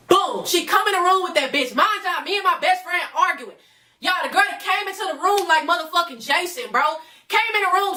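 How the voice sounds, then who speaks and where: Woman doing a storytime vlog, high bright voice, cussing a lot, kinda far from the mic. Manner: profane, animated, keeps addressing viewers as y'all. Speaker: vlogger telling a personal story. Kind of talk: casual storytime.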